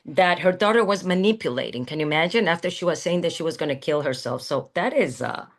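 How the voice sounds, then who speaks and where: A woman host with a somewhat low voice, sympathetic and gentle, asking questions and responding to her guest's story. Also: expressive, quick pace. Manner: sympathetic, lots of soft backchannels. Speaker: interview host. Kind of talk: interview.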